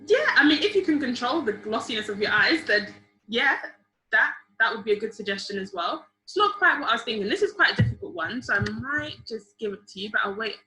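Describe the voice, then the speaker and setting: A young woman teaches public speaking to a group over a video call. Her bright voice stays lively and encouraging as she keeps asking the class for ideas. The call audio sounds roomy. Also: on the high side, fairly quick. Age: young adult. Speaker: public speaking workshop leader. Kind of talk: online seminar teaching.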